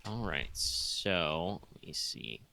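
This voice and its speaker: A man's voice: sits low, big pitch swings, takes it slowly, gravelly, sharp tone. A man playing in a tabletop game, thinking aloud with lots of hesitant fillers as he plans his move. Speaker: player. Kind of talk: casual tabletop play.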